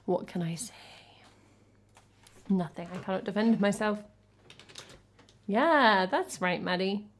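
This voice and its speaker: A woman's voice: medium pitch, lively intonation, takes it slowly, long pauses. An English woman from England, a music streamer chatting casually between songs, reading chat and thanking viewers in a chatty, self-deprecating way.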